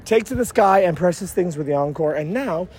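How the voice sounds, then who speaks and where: A man giving an animated, laughing, profanity-laced recap of a concert into his phone, outside the venue after the show. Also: sits high, fairly quick, faint music behind. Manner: animated, laughing, swearing freely. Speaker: vlogger reviewing a concert. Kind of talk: excited post-concert recap. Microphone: phone held at arm's length.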